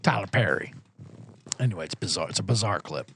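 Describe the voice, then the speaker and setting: A man's voice: low voice, lively intonation, a little fast, creaky, a bit bright, slight background noise. A man hosting a sports betting livestream, talking casually and profanely, rambling and reading out viewer comments. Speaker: sports betting show host.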